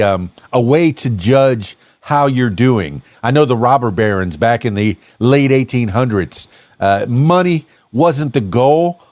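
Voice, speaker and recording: Male podcast host, teasing and rambling, lively pitch, dry sound. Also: dry recording. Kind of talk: casual podcast chat.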